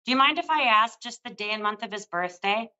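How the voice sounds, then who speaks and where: Bright-voiced older woman giving a psychic reading. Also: on the high side, animated, brisk, muffled recording. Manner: soothing, affectionate, calls the caller love. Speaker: psychic reader. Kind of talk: live psychic reading on air.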